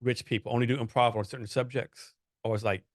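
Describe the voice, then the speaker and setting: A man's voice: medium pitch, steady tone, fast, no room sound, studio quality. A man hosting a casual interview podcast, asking meandering questions full of fillers. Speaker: podcast host.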